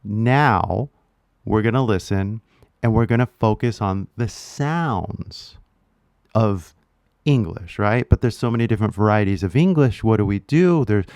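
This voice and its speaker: Low-voiced Californian teacher, upbeat. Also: male voice, expressive, a little slow, a little mellow, no echo, studio quality. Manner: upbeat, emphatic, checks in with "right?". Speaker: English accent teacher. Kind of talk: casual teaching to camera.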